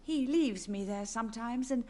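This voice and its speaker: A woman's voice: a little high, normal speed, darkish tone, lightly acted. An actress playing a frail, confused elderly mother in a video game who drifts between tenderness and sorrow, with game music behind her. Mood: confused, tender. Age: older.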